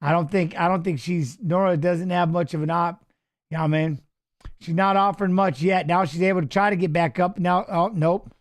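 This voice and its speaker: A man's voice: high voice, steady tone, a little fast. A man casually commenting on a fight as he watches along, rambling and swearing while telling stories between the action. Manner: rambling, profane, restarts and fillers.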